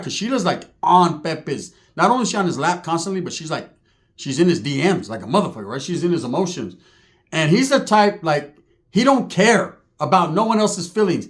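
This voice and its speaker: A man telling a comic story in a profane, rambling, animated way. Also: fairly high pitch, brisk. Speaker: comedian. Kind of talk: comedic storytelling monologue.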